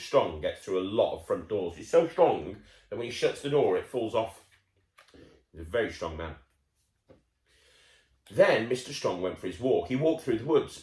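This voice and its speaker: A man reads a picture book aloud to a young listener, his voice bouncing up and down with lively intonation. He is playful and chatty, stopping for asides. The sound is roomy and echoey. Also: mid-range voice. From United Kingdom. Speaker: children's storyteller. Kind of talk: reading a picture book to a child.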